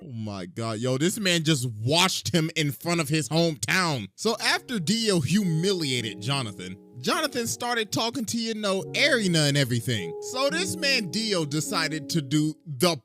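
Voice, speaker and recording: A young man tells a comedic recap in a high voice that leaps all over the place. He gets excitable and leans on heavy slang. Music plays steadily underneath. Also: moderate pace, hardly any pauses. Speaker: narrator.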